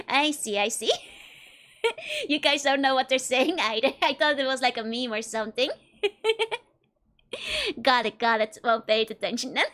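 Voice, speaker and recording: A woman's voice: sits high, expressive, measured pace, long pauses, fairly bright tone. Giggly young woman streamer. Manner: giggly, laughs often between remarks. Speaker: VTuber streamer. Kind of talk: casual let's-play chat with viewers.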